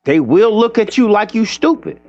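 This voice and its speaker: A man hosting a casual panel chat, insistent and explaining things with drawn-out words. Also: sits high, animated, darkish tone, dry recording. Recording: dull lo-fi sound.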